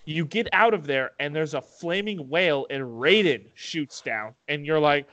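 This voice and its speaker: A young man and podcast host in casual chat, telling stories with swearing and laughter and jumping up in pitch when he acts out his fright. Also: expressive, normal speed, pushed and bright, highs cut off.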